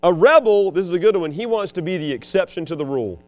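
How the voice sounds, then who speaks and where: A preacher who also teaches school, delivering a dramatic sermon, swinging between loud emphasis and hushed asides. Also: male voice, high voice, expressive, quick pace.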